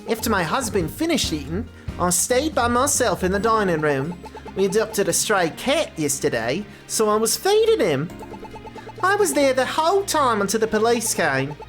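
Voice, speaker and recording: A woman's voice: mid-range voice, very animated, normal speed, music in the background, voice pushed up, close to an everyday voice. A woman voicing a gracious, wealthy lady of the house in a put-on mix of British and Australian accents, reading game dialogue aloud. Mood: composed. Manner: lofty, polite hostess tone.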